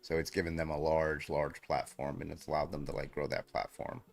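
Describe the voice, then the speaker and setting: Laid-back low-voiced male streamer. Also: level tone, fairly quick, gravelly. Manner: laid-back, heavy use of like and you know. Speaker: livestream host. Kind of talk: casual livestream chat.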